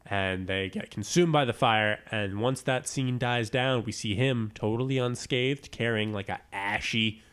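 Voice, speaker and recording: A man's voice: unhurried, hardly any pauses, smooth. A young man co-hosting a podcast, casually retelling a film's plot and jumping into silly voices for quoted lines. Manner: animated storyteller, jumps into squeaky voices for quotes. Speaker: podcast co-host. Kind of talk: casual movie recap chat.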